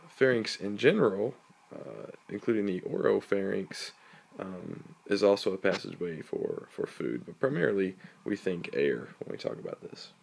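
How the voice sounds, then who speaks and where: A man teaching a recorded class lecture over slides, his voice nasal and stuffy from allergies, relaxed, with many ums and restarts. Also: lowish voice, vocal fry.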